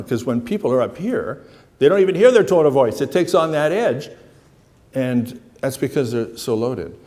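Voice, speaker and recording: A man's voice: medium pitch, dark tone. Conversational middle-aged man lecturing. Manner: conversational, acts out dialogue with anecdotes. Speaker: psychologist leading a seminar. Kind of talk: seminar lecture to a live room. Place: seminar room.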